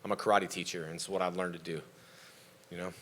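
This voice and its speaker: A man with a bright, forceful voice, speaking as a guest on a convention panel. He answers fan questions like the karate teacher he is, giving motivational advice about self-belief. He switches into animated voices whenever he quotes someone. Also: low-pitched, fast.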